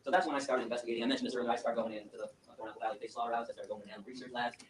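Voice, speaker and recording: A man from Michigan giving an impassioned speech to an audience and taking questions, telling his story in a fast, emphatic, animated way. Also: medium pitch. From Michigan, USA. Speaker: activist lecturer. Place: lecture room with audience. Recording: echoey room, distant mic, faint hiss.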